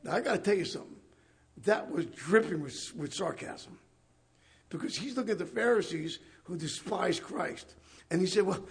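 A male preacher with a rather high voice full of gravel and rasp, delivering a conversational sermon. He reads scripture aloud and keeps turning to the congregation with rhetorical questions. His voice sounds worn and husky throughout. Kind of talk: sermon with Bible reading.

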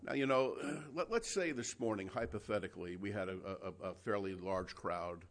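A man preaching a sermon, impassioned and building to loud exhortation, calling his listeners friends, with frequent restarts and fillers. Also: on the low side, moderate pace.

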